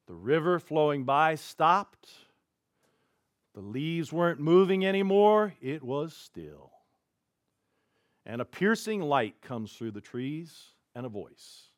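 A man preaching as a pastor, telling a story in an animated way with big swings in loudness. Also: fairly high pitch, no echo, clean studio sound. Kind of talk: sermon storytelling. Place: church.

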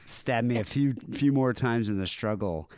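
A man's voice: medium pitch, moderate pace, a little mellow, clean tone, no echo, clean studio sound. A man co-hosting a podcast, casually reading out news stories with wry asides and fillers. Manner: wry, laid-back storytelling with frequent fillers. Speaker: podcast co-host.

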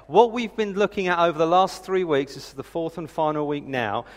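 A man's voice: fairly high pitch, fairly quick. A man in his thirties preaching a sermon, telling family stories in a chatty, self-deprecating way. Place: church hall. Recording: reverberant hall.

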